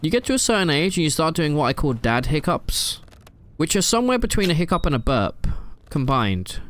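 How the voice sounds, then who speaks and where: A man's voice: fairly high pitch, very animated, fairly quick, a bit bright. A man chatting casually while streaming a game live from his room at home, rambling and answering chat with plenty of fillers.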